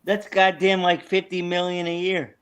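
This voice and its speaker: A man's voice: high-pitched, monotone, fairly bright tone, clean tone. A man chatting on a podcast, crude and emphatic. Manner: crude, emphatic, quick remarks. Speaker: podcast co-host. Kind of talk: casual chat.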